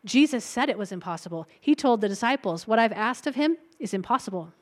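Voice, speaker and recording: Female preacher, a touch high-pitched, casual sermon delivery with light laughs. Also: animated, a little fast. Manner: conversational, laughs lightly between points.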